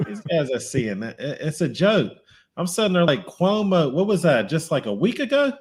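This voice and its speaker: A man's voice: fairly high pitch, sing-song, moderate pace, a little mellow. A man co-hosting a casual talk show, easygoing and chuckling, often restarting his phrases. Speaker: podcast co-host. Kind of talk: casual chat.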